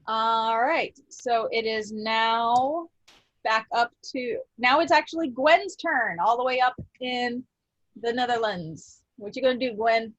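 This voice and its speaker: A woman running a tabletop game as game master, relaxed and thinking aloud with lots of fillers. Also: fairly high pitch, slow pace, no room sound, dull audio.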